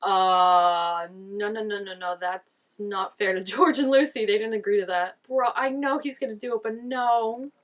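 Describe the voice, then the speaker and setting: A woman's voice: mid-range voice, moderate pace, few pauses. A woman casually reacting to a TV episode, chatty and gushing, with lots of "like" fillers. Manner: chatty, gushing, peppers speech with "like".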